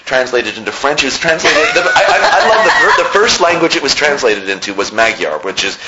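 A man's voice: mid-range voice, brisk. A middle-aged man, a playwright, telling anecdotes in a casual interview and acting out the dialogue he quotes. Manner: animated anecdote-teller who acts out quoted dialogue. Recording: slightly muffled lo-fi recording with faint hiss.

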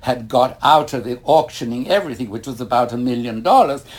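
A man's voice: medium pitch, brisk. An older man, a ballet master, recounting family stories in an interview and acting out the voices he quotes. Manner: animated storyteller who acts out quoted voices. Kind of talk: storytelling in conversation.

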